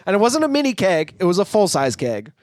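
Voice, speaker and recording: A man with a voice on the higher side, laid-back and a bit crude as he chats with his bandmate on their podcast. He is getting over a cough, and the recording is dry and close. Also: wildly swooping pitch, quick pace, no room sound. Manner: laid-back, swears casually. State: recovering from a cough. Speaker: podcast co-host, band guitarist. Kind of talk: casual chat.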